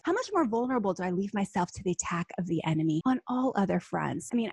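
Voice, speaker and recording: Animated American woman, tag questions. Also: medium pitch, slightly rough, dry recording. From United States. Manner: animated, says "right?" often, slows for emphasis. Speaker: guest speaker. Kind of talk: Christian radio talk.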